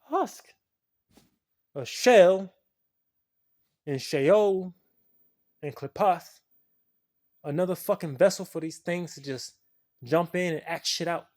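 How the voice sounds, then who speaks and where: Taking it slowly and pausing often, a spiritual video maker pours out a heated, foul-mouthed rant to the camera that ranges from muttering to yelling.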